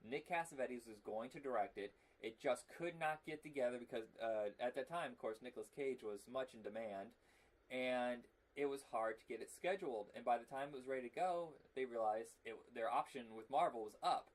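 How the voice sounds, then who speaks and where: A man's voice: mid-range voice, brisk. A man co-hosting a movie podcast, chatting casually and laughing often. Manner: chatty, laughs often, breaks into silly impressions. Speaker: podcast co-host.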